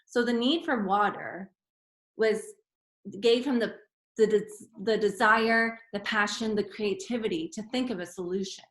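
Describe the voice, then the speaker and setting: A woman teacher reading a fable to children and chatting gently in between, calling them friends. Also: medium pitch, measured pace. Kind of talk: storytime reading and chat. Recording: echoey room.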